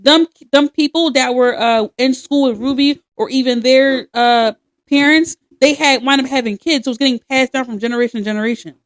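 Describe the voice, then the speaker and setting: A young woman co-hosting a podcast, telling stories with lots of swearing and animation. Her voice sits a little high, and the sound is close and dry. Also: brisk, dry recording. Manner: animated, profane storytelling. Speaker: podcast co-host. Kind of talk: casual chat.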